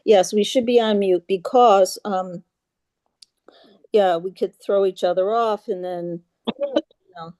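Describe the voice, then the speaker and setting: A woman leading a group meditation over a video call, patient and halting, with many fillers, chanting mantras in a steady monotone. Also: mid-range voice, dry recording. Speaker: yoga class leader.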